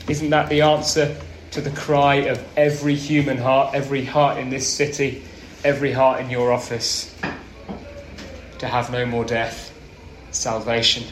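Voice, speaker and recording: A man preaching a sermon in a mid-pitched voice, earnest and given to storytelling. He often drops low and quiet to drive a point home. The room rings around him, with a faint hum of ambience behind. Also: reverberant. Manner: earnest, storytelling, varies loud and soft.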